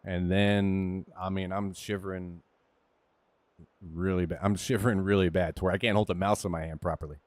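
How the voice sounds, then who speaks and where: Low-voiced and flat in delivery, a man streams a golf video game at normal speed, talking through his shots. His tone is darkish and candid, he coaches himself and swears at times, and there's no echo.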